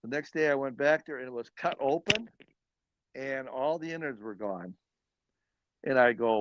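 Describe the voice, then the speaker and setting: Rambling farmer telling a story. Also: male voice, mid-range voice, expressive, normal speed, pauses often, a bit bright, no room sound, muffled recording. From northern Illinois. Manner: rambling, self-correcting storyteller. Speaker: guest, farmer. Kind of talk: casual storytelling.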